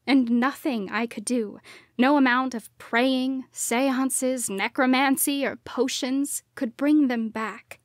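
A woman narrating a first-person audiobook in a hushed voice that often drops to a whisper. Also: high voice, fairly even intonation, slow, no echo, studio quality.

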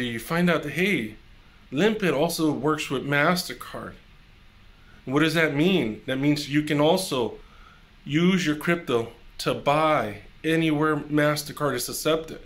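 An upbeat man hosts a crypto news video in a casual, chatty way. He talks straight to his viewers in a somewhat high voice. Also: fairly bright tone. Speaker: crypto channel host.

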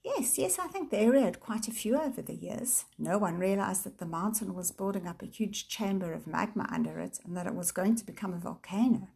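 A woman voicing a gentle, middle-aged mother who explains things patiently, in a storybook reading with a gravelly, husky voice. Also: medium pitch, expressive, a little fast, few pauses, heavily acted. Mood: kindly.

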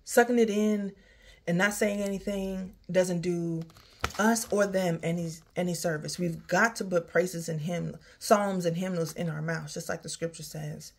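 A woman's voice: fairly low pitch, steady tone, a little slow, gravelly. A woman talking candidly in a personal vlog, sighing often as she drifts from work troubles to faith. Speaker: vlogger. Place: outdoors near her home, rain starting.

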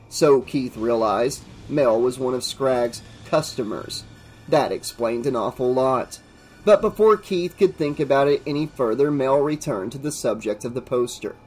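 A man narrating a horror novel audiobook in a steady, measured way. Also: mid-range voice, slightly rough, faint music behind.

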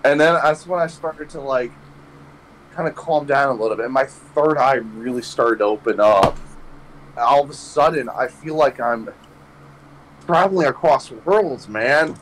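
A man's voice: mid-range voice, a little slow, fairly bright tone, a little hiss or hum, poor audio. A young man hosting a podcast, telling a rambling story full of swearing and laughing at his own jokes. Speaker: podcast host. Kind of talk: casual storytelling chat.

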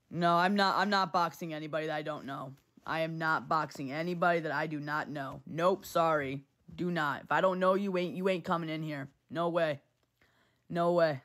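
A woman's voice: low voice, steady tone, moderate pace, fairly bright tone. A woman hosting a phone livestream, talking to her chat in a heated, blunt way, swearing and repeating herself. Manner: swears freely. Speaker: livestream host. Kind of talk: casual livestream talk to chat.

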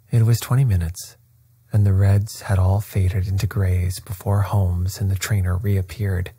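A man narrating a classic story at bedtime with a soft, steady, soothing delivery. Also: low-pitched, measured pace, breathy edge, no echo.

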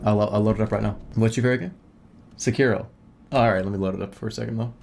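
A man's voice: on the low side, steady tone, fast, gravelly, a little mellow. A man in his thirties chatting casually on a livestream, telling rambling stories and breaking into sudden yelps. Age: 30s. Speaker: streamer.

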